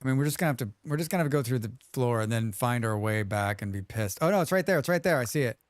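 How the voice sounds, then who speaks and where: A man's voice: medium pitch, animated, very fast, no echo. A man streaming a survival game live, chatting casually, reading viewer comments aloud and humming to himself as he plays. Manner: chatty, reads chat aloud and hums to himself.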